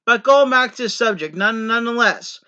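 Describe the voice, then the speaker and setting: A man's voice: extremely high pitch, lively intonation, brisk, bright, forceful tone, smooth, lo-fi sound. A man from the Pennsylvania coal region talking in a rambling, earnest monologue, repeating himself with many false starts. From Pennsylvania coal region, USA. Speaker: vlogger. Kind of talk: casual rambling monologue to camera.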